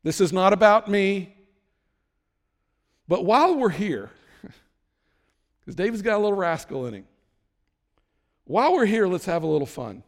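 A man preaching a sermon, retelling a Bible story in an animated way and slowing down to drive points home. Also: high voice, in a large hall. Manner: animated storytelling, slows down for emphasis. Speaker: pastor.

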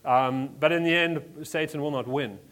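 A man from South Africa, pitched a little high, preaches a sermon to his church. He talks casually, stumbles into restarts and fills pauses with "um" and "uh". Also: fairly bright tone. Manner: conversational, restarts often, many fillers. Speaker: pastor.

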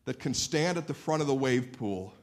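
A man from Northeast Ohio preaching a sermon to a church congregation, telling animated stories and asking the listeners questions. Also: mid-range voice, normal speed. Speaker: pastor. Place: church sanctuary.

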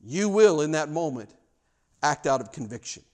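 A man's voice: on the high side, big pitch swings, moderate pace, a little mellow. A man preaching a sermon in a church, speaking earnestly with frequent stammered restarts. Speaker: pastor.

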